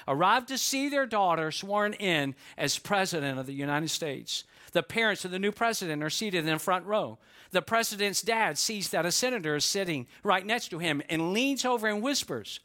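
A man's voice: sits high, lively intonation, moderate pace, bright, forceful tone. A man preaching a sermon as pastor, conversational and folksy, telling a joke story before the message. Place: church.

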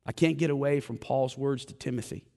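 A man's voice: mid-range voice, brisk, gravelly, mellow, big-room sound. A man preaching a sermon in a church, impassioned and direct, with a joking aside now and then. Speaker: pastor. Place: church sanctuary.

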